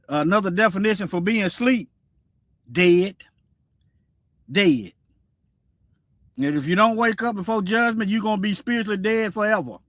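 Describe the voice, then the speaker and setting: Brief: male stream host, preachy and repetitive, sharp high voice. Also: no echo, studio quality. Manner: preachy, repeats himself, animated. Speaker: livestream host. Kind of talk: casual commentary livestream.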